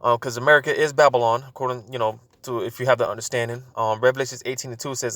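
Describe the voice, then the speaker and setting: A man's voice: medium pitch, fairly even intonation, fast, few pauses, a bit bright, no echo. A man giving a casual preaching talk to his channel, loose and informal, full of fillers and repeated words. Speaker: religious video host.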